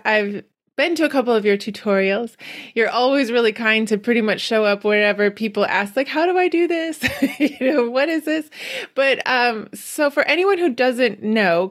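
A woman's voice: fairly high pitch, fairly bright tone. A woman hosting a podcast, talking in an enthusiastic, chatty way as she promotes books and interviews a guest. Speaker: podcast host.

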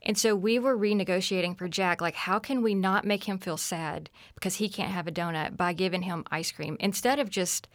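An earnest woman in her forties tells family stories as a podcast guest, her voice sitting a little low. The sound is close and dry, with no room around it. She talks things through in a reflective way. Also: a little fast, few pauses, dry recording. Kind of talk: conversational storytelling.

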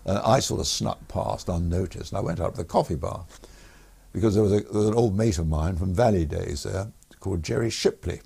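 A man's voice: low voice, a little fast, gravelly, warm tone, breathy edge. An older man, a former air force pilot, telling stories in an interview in a rambling, hesitant way. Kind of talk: anecdotal storytelling in a podcast interview.

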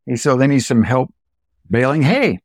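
This Illinois dairy farmer, a man in his seventies, recounts his life stories for an interviewer and performs the quoted dialogue with lively flair. He speaks at a normal speed in a medium pitch. The sound is clean studio audio with no echo.

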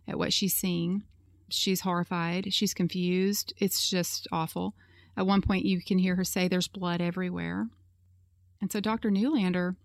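A woman's voice: on the low side, no room sound, clean studio sound. A woman hosting a podcast, telling a true-crime story in a casual, chatty way with lots of "you know" fillers. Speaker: podcast host.

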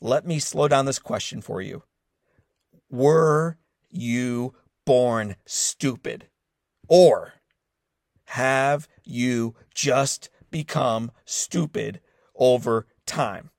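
A man's voice: mid-range voice, lively intonation, vocal fry, breathy edge, no room sound, clean studio sound. A man playing a grumpy, sarcastic male financial advisor on the phone, stretching out his words to mock. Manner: mocking, drawn-out and slowed for emphasis.

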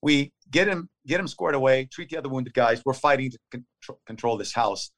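A man's voice: mid-range voice, moderate pace. A man in his fifties sits for an interview. He gives an urgent, vivid play-by-play in short clipped phrases. He often restarts a thought as he goes. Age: 50s. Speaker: interview guest. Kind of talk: conversational storytelling.

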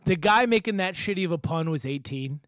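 A man's voice: high-pitched, animated, brisk, a bit bright, no room sound. A man hosting a casual podcast chat, joking and teasing himself as he talks. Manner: joking, self-mocking banter. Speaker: podcast host.

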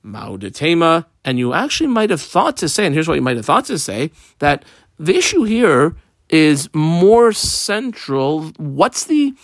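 Male Talmud teacher, slightly high, animated delivery, dry close mic. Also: no room sound. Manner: lively, quick, mixes Aramaic terms into English explanation. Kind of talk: page-by-page Talmud class.

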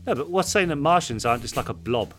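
A man co-hosts a podcast in friendly, casual chat. His pitch moves a lot as he reads listener messages and thanks people. Faint music plays softly underneath. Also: fast talker. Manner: friendly, animated, warm-hearted thanks. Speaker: podcast co-host.

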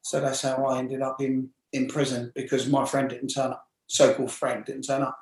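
A man's voice: mid-range voice, moderate pace, reverberant, low-quality recording. A man in his forties with a London accent, a former footballer telling stories as an interview guest and acting out the people he quotes. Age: 40s. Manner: animated, acts out quoted voices. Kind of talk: casual storytelling.

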